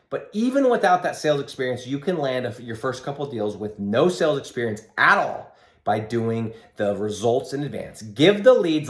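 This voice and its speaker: Animated, emphatic male business coach. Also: on the high side, reverberant. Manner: emphatic, repetitive, pep-talk delivery. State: slightly squeaky voice. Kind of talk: motivational talk to camera.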